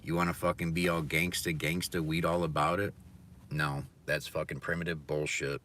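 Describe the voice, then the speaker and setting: A man with a strikingly deep voice hosts his livestream in a casual rant. His delivery is forceful, blunt and full of profanity. Faint background noise sits under the talk. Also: little pitch movement, moderate pace. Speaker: livestream host.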